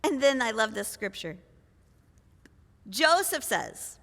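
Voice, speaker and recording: A woman's voice: a little high, sing-song, takes it slowly, pauses often, fairly bright tone, big-room sound. A woman preacher retelling a scripture story in a conversational sermon, full of rhetorical questions. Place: church.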